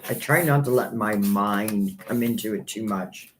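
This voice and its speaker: A man's voice: fairly low pitch, measured pace, a little hiss or hum. Man rambling through a tarot live stream. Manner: rambling, thinking aloud; earnest, a little hurt by critics. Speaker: psychic tarot reader.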